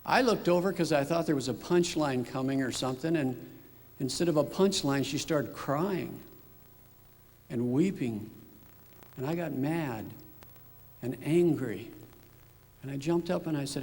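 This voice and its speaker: A man's voice: a little high, unhurried, long pauses, darkish tone. A middle-aged man giving a personal testimony talk, telling his story earnestly and acting out his own words. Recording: echoey hall with long reverb.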